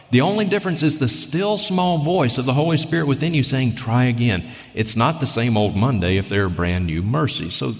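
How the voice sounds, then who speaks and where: Emphatic male preacher in a big hall. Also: mid-range voice. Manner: emphatic, argumentative, reads scripture aloud. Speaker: guest preacher. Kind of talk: sermon. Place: church sanctuary. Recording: long reverb of a large hall.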